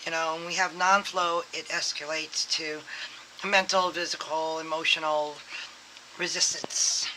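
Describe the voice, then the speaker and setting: A tarot reader gives a loose, meandering reading packed with fillers, acting out the thoughts she quotes. Her voice is medium-pitched and fairly monotone, with a measured pace and a sharp edge. The low-quality recording carries a little background noise.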